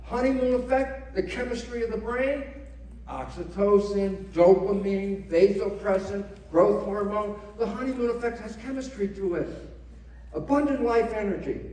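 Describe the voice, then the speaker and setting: A man giving a live lecture, animated, asking rhetorical questions and acting out quoted voices. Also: high-pitched, moderate pace. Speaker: speaker. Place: large hall before an audience. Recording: echoey hall, mic at a distance.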